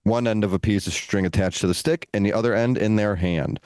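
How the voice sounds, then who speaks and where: A man co-hosting a podcast, telling a long story in an animated, relaxed way with playful asides. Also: on the low side, brisk, no echo. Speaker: podcast co-host. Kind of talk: casual storytelling.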